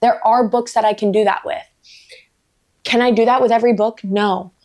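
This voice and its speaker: A woman's voice: on the high side, steady tone, normal speed, darkish tone. A woman book vlogger ranting casually, blunt and emphatic, swearing freely, with playful self-mocking asides. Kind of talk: casual vlog rant.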